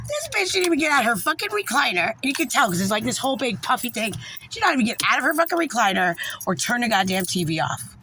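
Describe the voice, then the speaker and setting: An angry woman rants straight to camera, swearing freely. Her voice is raspy and gravelly, with a bright, sharp edge. A faint hiss of noise sits under the recording. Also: on the high side. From New Jersey. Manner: angry, profane, fast when passionate. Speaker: parent venting about a social services agency. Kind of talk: profane ranting vlog.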